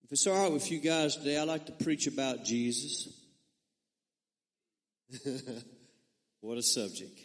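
A man's voice: medium pitch, a little slow, pauses often. A man preaching a sermon as pastor, leading prayer and scripture reading with a swelling, rising cadence in a church sanctuary. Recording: long hall reverb.

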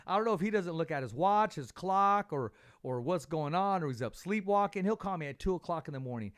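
A man hosting a podcast, telling stories in a casual, animated way, repeating words as he talks. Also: fairly high pitch, a little fast, hardly any pauses, smooth. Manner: animated storyteller, repeats words, laughs often. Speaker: podcast host. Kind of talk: casual interview chat.

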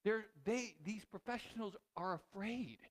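Animated man preaching a sermon. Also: high voice, unhurried. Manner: animated storytelling with restarts, swinging from loud to hushed. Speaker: pastor.

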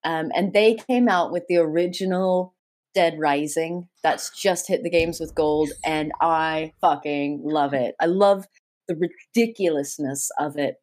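A woman with a slightly low voice, speaking over a video call link. She talks with animated enthusiasm and casual swearing, gushing about favorite games as a podcast co-host. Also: measured pace. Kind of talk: casual chat.

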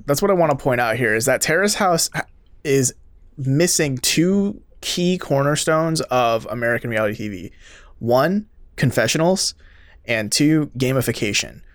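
A man's voice: mid-range voice, lively intonation, normal speed, no room sound, clean studio sound. A man in casual podcast chat, talking bluntly and swearing offhandedly.

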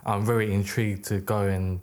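A man's voice: fairly low pitch, flat delivery, fairly quick, a little mellow. A young man, a podcast guest chatting casually, rambling with lots of "like" and restarts. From United Kingdom. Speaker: podcast guest, clothing brand maker. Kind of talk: casual interview chat.

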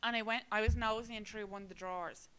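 A woman's voice: medium pitch, fairly even intonation, fast, fairly bright tone, clean tone, poor audio. A young Irish woman co-hosting a podcast, chatting casually, swearing a lot and filling her talk with "like" and "right?". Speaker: podcast co-host. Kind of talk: casual chat.

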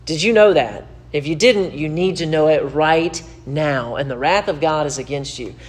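Speaking at a moderate pace in a husky, fairly high voice, this man delivers a sermon-style teaching to camera. He's a pastor who repeats himself for emphasis, his voice rising as he drives a point home.

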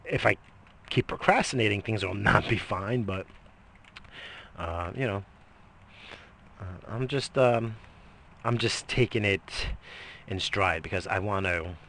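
A man's voice: on the low side, a little slow, long pauses, fairly bright tone, slight background noise. A middle-aged man in a casual, rambling monologue, swearing freely and coughing between lines. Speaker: vlogger.

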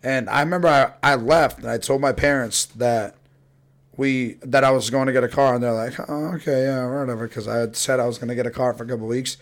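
A man's voice: mid-range voice, steady tone, a little fast. A young man telling rowdy stories casually, swearing a lot and acting out the voices of people in them. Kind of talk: casual storytelling.

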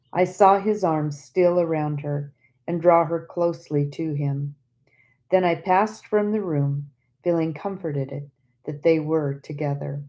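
A woman narrating an audiobook in a soft, tender, measured reading, often dropping to a hush. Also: low-pitched.

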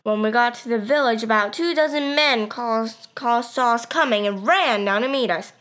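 Higher-voiced woman reading a story aloud. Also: normal speed, fairly bright tone. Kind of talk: reading a story aloud as first-person narrator.

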